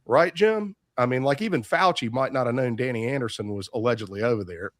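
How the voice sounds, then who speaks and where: A man hosting a podcast, talking in a rambling, animated way and steering his guest with leading questions. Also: medium pitch, a little fast, no echo, studio quality. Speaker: podcast host. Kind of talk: casual podcast interview.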